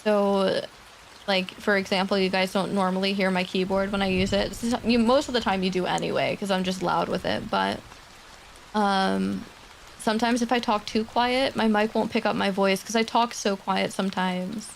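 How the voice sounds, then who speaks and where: A woman streamer chatting casually and quietly with her viewers at her desk mic, laughing often and swearing now and then. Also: mid-range voice, fairly even intonation, moderate pace, vocal fry, a little hiss or hum. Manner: soft-spoken, talking quietly. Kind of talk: casual livestream chat. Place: home streaming setup.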